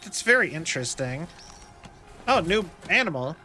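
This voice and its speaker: A man's voice: on the high side, very animated, moderate pace, sharp tone, soft background music. A young man from the United States chatting casually while streaming a game, rambling with lots of fillers and self-deprecating asides.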